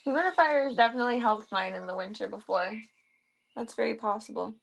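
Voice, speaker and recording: A woman's voice: a little fast, gravelly. A young woman streaming from home, chatting casually with viewers about her pets, giggly and talkative. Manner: chatty, giggly, talks in a high sing-song baby voice to her cats. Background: bird sounds and fan noise.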